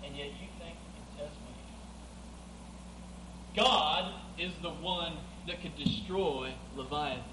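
High-voiced preacher in an echoey hall. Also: male voice, slow. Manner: rising to emphatic, loud scripture reading, then dropping quiet. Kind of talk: sermon. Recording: echoey room with clear background noise.

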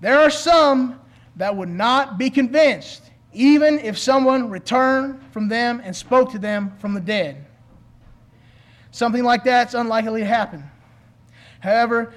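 A man preaching a sermon in an earnest, pleading way, asking his listeners questions. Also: high-pitched.

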